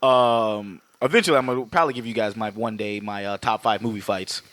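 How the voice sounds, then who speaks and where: A man co-hosting a podcast, excitedly recapping a movie fight with lots of swearing, laughter and acted-out quotes. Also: lowish voice, brisk, dry recording. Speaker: podcast co-host. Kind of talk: casual profane movie recap.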